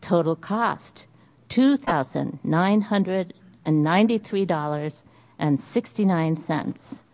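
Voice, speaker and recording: Slow-reading woman with a Boston accent. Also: on the low side, expressive, darkish tone. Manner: careful, deliberate reading of numbers with small hesitations. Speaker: meeting presenter reading a budget report. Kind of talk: reading figures aloud at a meeting.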